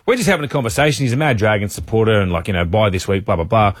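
A man's voice: lowish voice, racing, no room sound, clean studio sound. An Australian man co-hosting a radio show, telling cheeky stories in casual banter. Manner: cheeky, animated storyteller. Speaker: radio co-host, former footballer.

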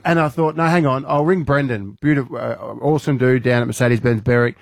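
A man's voice: mid-range voice, fast talker, no echo, clean studio sound. An Australian man, a radio co-host, telling a story with energy and acting out his own lines in a raised voice.

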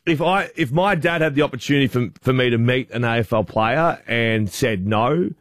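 A man's voice: medium pitch, normal speed, no echo. A man hosting breakfast radio, telling a story in a chatty, self-mocking way into a studio microphone. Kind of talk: casual on-air banter and storytelling.

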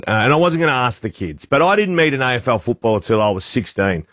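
A man's voice: medium pitch, big pitch swings, fast, a bit bright, no echo, clean studio sound. An Australian man co-hosting breakfast radio in casual banter, telling a chatty story and acting out the voices he quotes.

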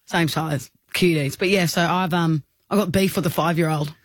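Australian woman telling a lively story. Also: fairly low pitch, moderate pace, dry recording, studio quality. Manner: animated anecdote, acting out kids' voices with laughs. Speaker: radio co-host. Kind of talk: storytelling on drive-time radio.

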